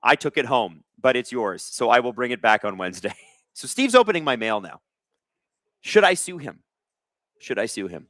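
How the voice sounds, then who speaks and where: A man's voice: mid-range voice, normal speed, dry recording, studio quality. A man in his thirties from Canada hosting a live hockey watch-along, calling plays casually and joking while reading out chat. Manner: jokey, reads chat aloud, bursts of excitement.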